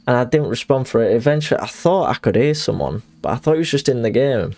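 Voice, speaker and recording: A man's voice: medium pitch, lively intonation, fast talker, darkish tone. A young man, chatting casually while streaming a game and telling rambling stories. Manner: rambling storyteller, acts out quotes. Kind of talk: casual chat while gaming.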